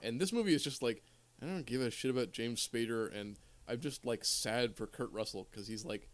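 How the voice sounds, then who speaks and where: A man co-hosting a casual podcast, opinionated and rambling with many halting restarts. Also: mid-range voice. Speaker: podcast co-host. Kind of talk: casual chat.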